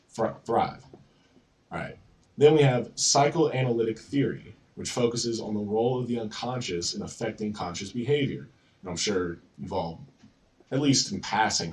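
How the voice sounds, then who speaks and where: Low-voiced man giving a casual lecture. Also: distant mic. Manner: relaxed, with frequent ums and you-knows. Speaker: psychology lecturer.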